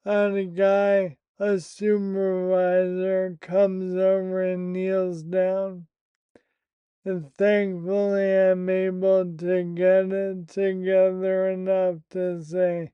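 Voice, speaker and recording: A man telling a personal story in a candid, profane monologue, slow and matter-of-fact. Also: high voice, monotone, clear, resonant tone, dry recording, muffled recording. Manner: slow, candid and profane, recounting an upsetting event.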